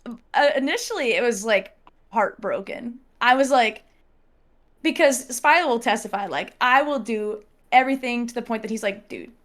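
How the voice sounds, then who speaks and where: Animated young woman telling a story. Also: on the high side, normal speed. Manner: animated storyteller, acts out quotes, laughs often. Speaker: podcast guest. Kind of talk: casual chat, storytelling.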